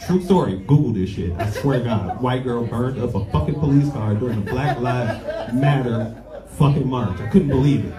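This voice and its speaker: A man doing a stand-up comedy set, telling loud profane stories and bantering with the crowd. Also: medium pitch, fairly quick. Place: comedy club. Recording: roomy club sound, distant mic, audience laughter. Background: audience laughing.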